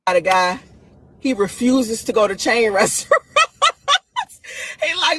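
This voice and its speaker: A woman chats excitedly on a stream, breaking into laughs and high swoops. Her voice is fairly high with a husky edge. The sound is dry and close. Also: measured pace, pauses often, no room sound. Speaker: live-stream host giving dating opinions. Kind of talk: casual live-stream talk.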